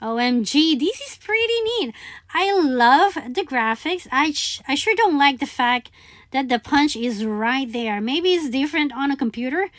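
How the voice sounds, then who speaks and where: Excitable high-voiced woman narrating gameplay. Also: measured pace, no room sound, clean studio sound. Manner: excitable, chants repeated commands, calls enemies buddy. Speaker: gaming channel host. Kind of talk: live gameplay commentary.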